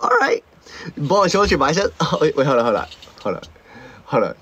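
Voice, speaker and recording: Young male streamer, slightly high-pitched, loose rambling storyteller who stumbles and repeats himself. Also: huge pitch swings, fairly quick, creaky, a bit bright, slightly rough. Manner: rambling, many restarts and repeated words. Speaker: livestreamer. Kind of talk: casual livestream storytelling. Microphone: own streaming mic.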